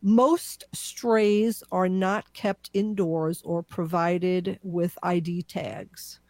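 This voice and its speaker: A woman's voice: on the low side, extremely slow, a little mellow, no room sound. A woman guest on a radio show, talking about animal causes in a friendly, conversational way with easy laughs. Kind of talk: casual radio chat.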